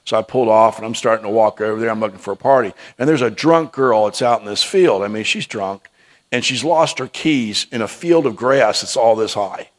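A man's voice: on the low side, a little fast. A man preaching and telling testimony stories, then giving a prophetic word, with frequent restarts and repeated "okay?".

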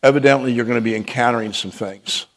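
A man's voice: mid-range voice, quick pace. A man preaching and telling testimony stories, then giving a prophetic word, with frequent restarts and repeated "okay?".

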